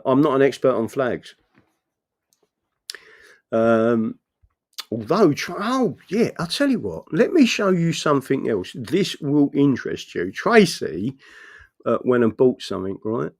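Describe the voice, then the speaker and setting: Gravelly rambling livestream man. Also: fairly low pitch, darkish tone, no room sound, studio quality. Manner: rambling, swearing, chatty asides to viewers. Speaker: livestream host reading chat. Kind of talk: casual livestream talk.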